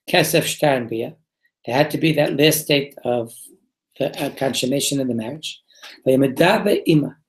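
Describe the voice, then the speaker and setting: Man teaching a torah class, gravelly voice, asks the room questions and answers them himself, echoey. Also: fairly high pitch. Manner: reads Hebrew text, then explains it in English. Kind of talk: Torah class before a live group.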